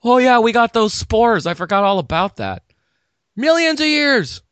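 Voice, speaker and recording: A man voicing a dim-witted, sleepy tree that forgot about its deadly spores, in a slow, dopey way. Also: extremely high pitch, sing-song, fairly bright tone, no room sound, voice pushed up, exaggerated voice.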